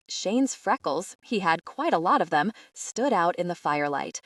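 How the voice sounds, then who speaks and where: A woman's voice: on the low side, lively intonation, moderate pace, hardly any pauses, a bit bright, no echo, studio quality. A woman reading a first-person audiobook aloud, telling the story expressively and giving the characters' lines voices of their own. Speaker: audiobook narrator.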